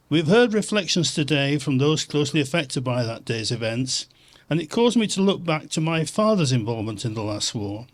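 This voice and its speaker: Man, trustee chairman, formal speech, measured delivery, fairly high voice.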